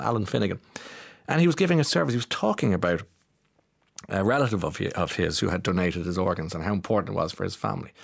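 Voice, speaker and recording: This Irish-accented radio host has a lowish voice with vocal fry. On his morning show he chats and rambles, mocking himself as he shares stories and reads listeners' texts.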